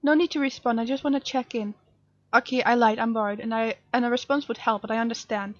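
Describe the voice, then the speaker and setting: A caring woman checks in on a friend and decides to come over, as a woman reads her texts aloud. The voice sits fairly high and sounds dull and dry. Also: fairly even intonation, fast, no echo, lightly acted. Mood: worried. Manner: reading text messages aloud.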